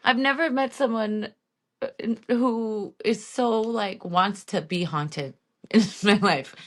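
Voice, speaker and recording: A woman's voice: medium pitch, slow pace. A woman co-hosting a casual reality TV recap podcast, with dry, sarcastic asides. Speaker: podcast co-host.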